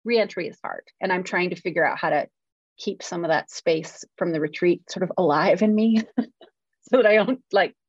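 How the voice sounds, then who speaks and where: A woman's voice: fairly low pitch, moderate pace, husky, dry recording. Woman, podcast co-host, chatty, self-deprecating, dry muffled sound. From California. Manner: chatty, self-deprecating, lots of fillers and laughs. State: jet-lagged. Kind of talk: casual chat.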